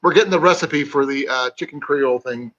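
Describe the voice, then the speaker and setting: A man's voice: medium pitch, brisk, fairly bright tone, dull audio. A man from Iowa joining a casual live-stream chat as a guest, chatty and rambling. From Iowa, USA.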